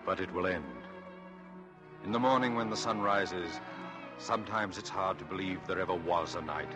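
Actor playing a gentle, deep-voiced inspector. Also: male voice, moderate pace, over music, close to an everyday voice. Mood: reassuring. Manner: gentle, reassuring. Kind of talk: 1940s radio acting.

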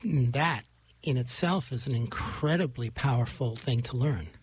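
A man's voice: mid-range voice, unhurried, slightly rough, no room sound. A male host asking reflective, enthusiastic questions in an interview.

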